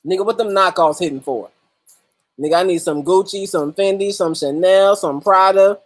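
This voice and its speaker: A man's voice: high voice, normal speed, no echo. A man hosting a livestream in casual, profane chat, greeting viewers by name as they join. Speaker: livestream host.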